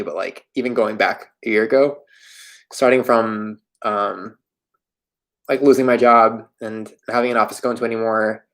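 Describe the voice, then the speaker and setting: A young man from Florida hosting a livestream, answering viewer questions in a candid, self-deprecating, rambling way. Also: medium pitch. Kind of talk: casual livestream chat. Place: home in New York.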